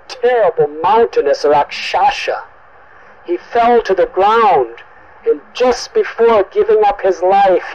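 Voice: medium pitch, darkish tone, lo-fi sound. A storyteller dramatically recounting an epic in a vivid, emphatic manner. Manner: vivid, emphatic, repetitive for effect.

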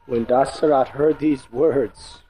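A man telling an epic tale in measured, vivid storytelling. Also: mid-range voice, steady tone, warm tone, soft background music, rough recording. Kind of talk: dramatic storytelling.

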